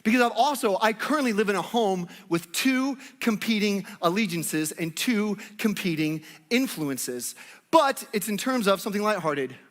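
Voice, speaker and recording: A man's voice: high voice, expressive, moderate pace, fairly bright tone. A man preaching a sermon, playful and joking with his congregation. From Northwest Arkansas, United States. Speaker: pastor. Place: church hall with congregation. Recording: long hall reverb.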